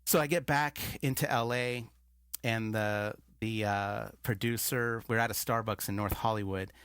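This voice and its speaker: A man's voice: on the low side, moderate pace, smooth, dry recording. Man telling a story, close dry sound. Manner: animated, acts out quoted dialogue. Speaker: guest filmmaker. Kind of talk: casual storytelling.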